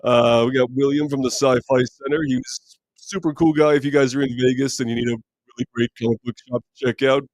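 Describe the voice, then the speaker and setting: A man with a naturally deep voice chats on a live movie stream, answering viewer comments in a relaxed, meandering way. His pitch sits in the middle range for a man. The sound is dry and close, with no room echo. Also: brisk. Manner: relaxed, rambling, many fillers and restarts. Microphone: streaming mic.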